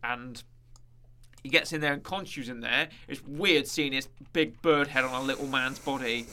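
A man's voice: medium pitch, normal speed, pushed and bright. A man co-hosting a casual chat, rambling and joking with many fillers. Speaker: podcast co-host.

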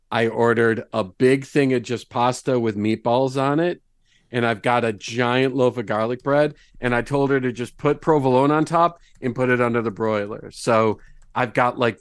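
A man playing a tabletop game, describing his character's actions in a chatty, animated way. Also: mid-range voice, smooth, no room sound, studio quality. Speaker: player.

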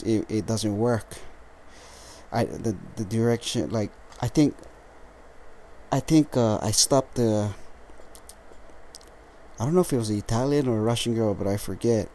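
A man's voice: fairly low pitch, dark tone. Tired, rambling man podcasting solo. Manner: rambling, halting, with frequent restarts and swearing. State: tired and lethargic. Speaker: podcast host. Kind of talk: casual solo podcast talk.

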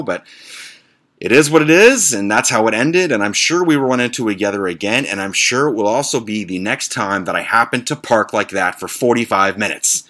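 Male podcast host, sweary exasperated storyteller, lively pitch. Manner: blunt, profane, exasperated. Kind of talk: profane ranting storytelling.

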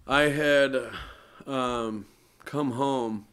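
A man's voice: medium pitch, steady tone, extremely slow, a bit bright, clear, resonant tone. A young man, a musician guest on a podcast, telling a long personal story in an earnest, rambling way with many fillers.

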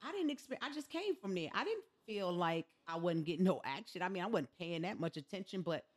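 A woman's voice: fairly low pitch, a little fast. Chatty woman podcast host. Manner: conversational, animated storytelling with quoted asides. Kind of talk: casual chat.

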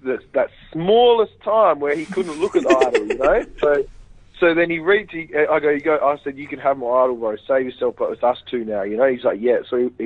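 A man on a tinny phone line tells a long story in a rambling, animated way, jumping in with quoted lines. His voice sits at an ordinary middle pitch. The call sounds dry and close. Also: no room sound. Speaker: interview guest. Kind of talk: casual phone interview storytelling.

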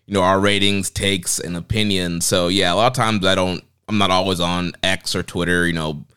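Man cohosting a podcast, real low voice, smooth, laid back and chatty. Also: moderate pace. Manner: relaxed, loose, lots of fillers. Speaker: podcast co-host. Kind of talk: casual podcast chat.

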